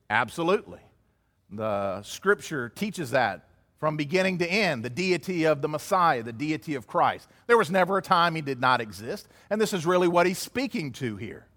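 A man's voice: high voice, bright, forceful tone. A man preaching an expository sermon as pastor, earnest and building to emphatic peaks. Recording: hall reverb.

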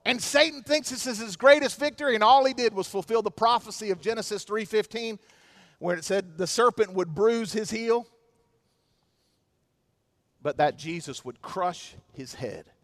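A pastor preaching a sermon, dramatic and emphatic, sometimes rising close to a shout. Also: male voice, high-pitched, normal speed.

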